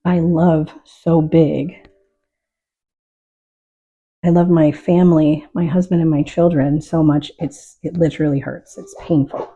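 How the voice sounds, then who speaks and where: A middle-aged woman talks through her painting in a calm, reflective way, openly sharing her emotions. Her voice is deeply mellow and husky. The recording sounds dull and lo-fi, as if from a home studio. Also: unhurried. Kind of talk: casual talk while painting.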